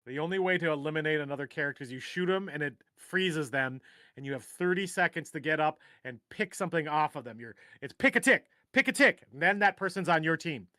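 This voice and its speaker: A man's voice: on the high side, fast talker, bright, forceful tone, dry recording, studio quality. A man co-hosting a livestream, chatting casually and rambling from one joke to the next. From Minnesota. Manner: rambling, jokey, trails off into mumbles. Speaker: livestream co-host. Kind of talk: casual chat.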